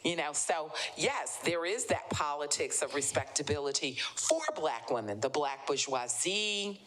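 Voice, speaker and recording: Woman from the american south, low deep voice, slow unhurried pace, animated storytelling, does the voices of people she quotes. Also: slight background noise. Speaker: author guest. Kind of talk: conversational storytelling. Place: live literary event.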